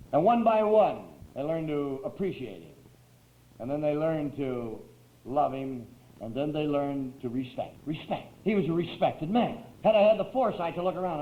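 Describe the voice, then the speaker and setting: A man telling his recovery story to a meeting in a folksy, wry way, often clearing his throat. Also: fairly high pitch. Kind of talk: personal recovery talk. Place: meeting hall with a crowd. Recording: tinny, roomy old tape recording.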